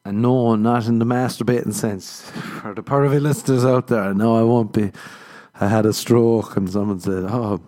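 A man's voice: fairly low pitch, fairly even intonation, moderate pace, dark tone. A young man hosting a solo podcast, rambling crudely and laughing at his own jokes. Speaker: podcast host. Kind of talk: casual solo podcast banter.

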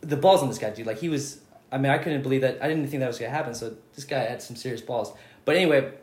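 A man's voice: medium pitch, fast, a little mellow. A man who is a guest on a podcast, telling a rambling, profane story in casual chat. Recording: roomy echo.

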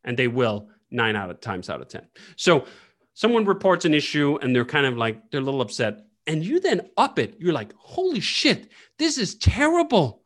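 Blunt, animated man guest. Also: mid-range voice, a little fast. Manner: animated, blunt, swears freely. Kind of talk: casual interview talk.

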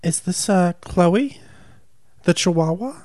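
A man voicing a snooty, jealous female toy poodle in a prissy, affected high voice. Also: lively intonation, slow, darkish tone.

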